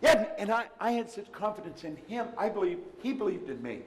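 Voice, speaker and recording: A man's voice: sits high, big pitch swings, brisk. Emphatic older man in a reverberant hall. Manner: emphatic, storytelling with retold dialogue. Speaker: motivational seminar speaker. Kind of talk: live motivational seminar talk. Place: large room before a live audience.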